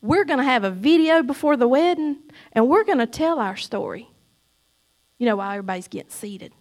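High-voiced emphatic woman preaching. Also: lively intonation, fairly quick. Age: middle-aged. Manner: emphatic, preachy, swings between loud cries and soft asides. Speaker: church speaker giving testimony. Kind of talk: church testimony.

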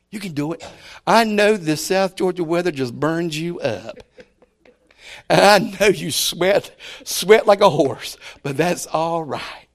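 A man preaching a sermon in a folksy way, repeating key words and moving between loud and soft. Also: high voice.

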